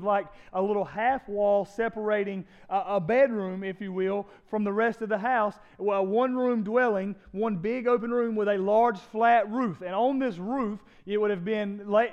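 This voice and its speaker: A man's voice: sits high, lo-fi sound. A man preaching a sermon in church, talking conversationally and asking the congregation rhetorical questions. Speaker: pastor.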